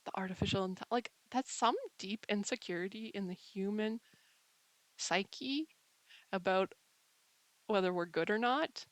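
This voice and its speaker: A woman's voice: mid-range voice, slow, pauses often, no room sound, rough recording. A woman host musing in a casual monologue, playful and rambling, with mock drama. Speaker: channel host.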